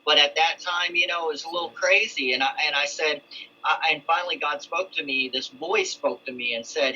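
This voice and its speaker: Middle-aged guy rambling through his story, lots of restarts, bright edgy voice, faint hum behind him. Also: a little high, fairly quick. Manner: rambling, with many restarts and asides. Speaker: guest telling his testimony. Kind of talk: casual storytelling testimony. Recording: dull lo-fi sound with faint ambience.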